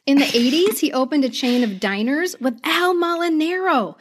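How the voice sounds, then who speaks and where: A woman co-hosting a podcast, chatting casually with quick, laughing asides. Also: sits high, lively intonation. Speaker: podcast co-host. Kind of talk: casual chat.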